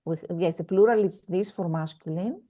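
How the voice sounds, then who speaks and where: A woman's voice: fairly low pitch, moderate pace, warm tone. Patient woman teaching French. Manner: patient, repeats words, many fillers. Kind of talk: online language lesson.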